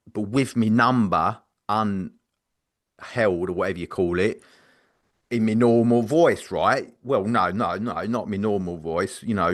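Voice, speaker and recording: A man's voice: lowish voice, a bit bright. A man, co-hosting a podcast, telling a story casually with lots of fillers. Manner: rambling, filler-heavy, laughs while telling. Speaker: podcast co-host.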